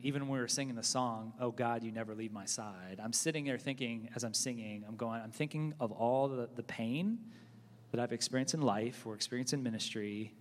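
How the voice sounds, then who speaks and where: A man who is a pastor, asking questions in an animated, preacherly way during a church interview. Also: medium pitch. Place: church auditorium. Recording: hall with long reverb.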